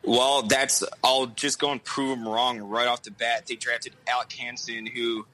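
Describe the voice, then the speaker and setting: A man's voice: medium pitch, flat delivery, measured pace, pushed and bright, poor audio. A man co-hosting a casual sports podcast, blunt and opinionated, who swears freely. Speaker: podcast co-host.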